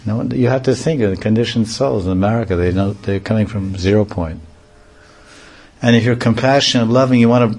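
A man's voice: fairly low pitch, a little mellow. A man giving a devotional talk, telling humorous anecdotes and often chuckling. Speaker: devotional preacher. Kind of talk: lecture with acted anecdotes.

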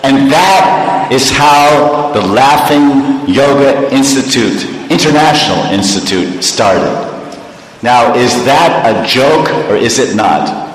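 A man's voice: mid-range voice, animated, takes it slowly, slight background noise. An older man giving a sermon as a spiritual teacher, ironic and repetitive, with rhetorical questions. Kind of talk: sermon to an audience. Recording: echoey hall reverb.

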